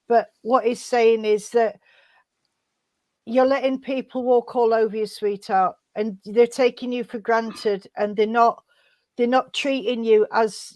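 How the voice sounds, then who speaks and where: A woman's voice: on the high side, darkish tone, no echo. A woman acting as a spiritualist medium, tenderly passing on messages and calling the listener sweetheart and darling. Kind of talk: relaying spirit messages in an online service.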